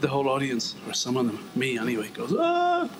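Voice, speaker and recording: Over a noisy background, a man with a medium-pitched, fairly even voice talks fast as he vlogs casual commentary on a walking video he's watching. His tone is wry and self-mocking, and he rambles as he goes.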